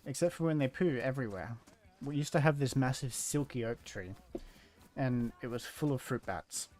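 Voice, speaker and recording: A man's voice: medium pitch, moderate pace, darkish tone. A man with an Australian accent, chatting casually and rambling while he streams a game. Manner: rambling, chatty, easily amused; uses Aussie slang. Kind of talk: casual chat while gaming.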